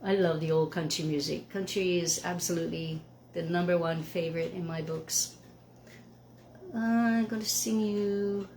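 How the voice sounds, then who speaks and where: A tired woman from Canada, chatting casually between songs as host of a music show, laughing easily and sometimes hushing her voice. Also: fairly low pitch, a little hiss or hum. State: tired from lack of sleep. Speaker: musician hosting a live show.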